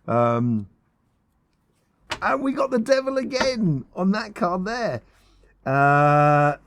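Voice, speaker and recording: A man's voice: medium pitch, darkish tone, no echo. A middle-aged man giving a casual tarot reading, enthusiastic and rambling, with many ums and restarts. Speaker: tarot reader.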